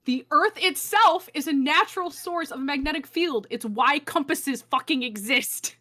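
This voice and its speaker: With a high, pushed and bright voice, a young adult woman co-hosts a comedic podcast at a slightly slow pace. She's casual and sarcastic, swears, and keeps laughing partway through her sentences.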